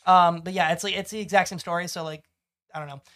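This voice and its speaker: Speaking quickly in a high, bright, forceful voice with a steady tone, a man co-hosts a podcast recapping a TV episode. His casual chat rambles and turns profane as he acts out quotes using shifting voices.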